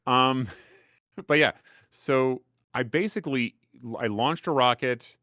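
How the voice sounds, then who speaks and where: A man's voice: medium pitch, slow pace, bright, forceful tone, no room sound, clean studio sound. A man co-hosting a podcast, chatting casually, rambling and self-deprecating with lots of fillers and restarts. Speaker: podcast co-host. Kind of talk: casual chat.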